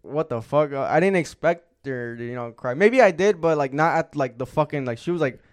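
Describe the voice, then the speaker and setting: A young man co-hosts a podcast and tells a long personal story in loose, rambling chat. He swears often and leans on filler words. His voice sits a bit high and sounds smooth and clean. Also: brisk. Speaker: podcast co-host.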